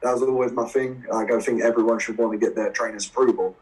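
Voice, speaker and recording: A man in his twenties with an Essex accent, telling stories as a guest in a casual interview, animated and laughing often. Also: mid-range voice, fast talker. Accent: English, Essex. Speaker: guest wrestler. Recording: voice a bit far from the mic.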